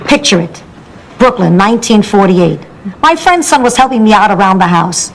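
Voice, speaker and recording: A woman playing a feisty, wisecracking elderly mother, telling stories in a blunt, sharp-tongued way in a sitcom. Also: mid-range voice, animated, moderate pace, slight background noise, close to an everyday voice, poor audio. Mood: storytelling. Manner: sharp-tongued storytelling with punchlines. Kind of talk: sitcom acting.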